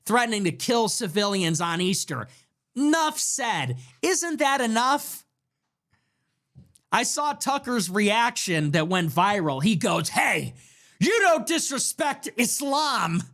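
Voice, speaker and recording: A man's voice: high voice, big pitch swings, takes it slowly, fairly bright tone. A man giving impassioned political commentary, indignant and moralizing, with many rhetorical questions.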